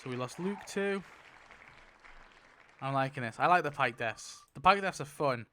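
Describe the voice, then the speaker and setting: A young man commenting casually as he spins a wheel, excitable, laughing often and swearing. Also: medium pitch, moderate pace, a faint crowd. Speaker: YouTuber spinning a wheel. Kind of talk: casual commentary while playing.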